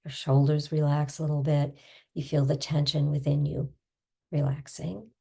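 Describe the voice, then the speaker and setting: Soft, low, gravelly-voiced woman coach. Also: moderate pace. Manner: soft-spoken, calm and soothing, breathy sighs. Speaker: stress coach. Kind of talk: guided tapping session.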